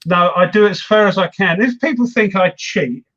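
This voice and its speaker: A man's voice: high voice, normal speed, a bit bright, dull audio. A man hosting a wargaming chat show, rambling and self-mocking as he talks through his games. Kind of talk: casual chat.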